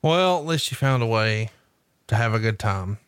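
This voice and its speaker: A podcast host reading a statement aloud and asking follow-up questions. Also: male voice, on the low side, expressive, moderate pace, fairly bright tone, clean tone, no room sound, clean studio sound.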